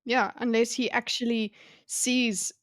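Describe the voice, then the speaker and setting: A woman's voice: fairly high pitch, little pitch movement, unhurried, dry recording, studio quality. A woman co-hosting a book club podcast, musing tentatively, hedging and circling back as she thinks. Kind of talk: casual book discussion.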